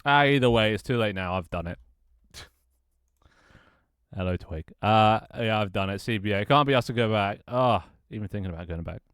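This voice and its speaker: This casual live-stream chat comes from a British man in a small room at home who grumbles, swears and laughs frequently. His voice is on the low side, a bit bright, clear and resonant, at a moderate pace. The recording is dry and studio quality.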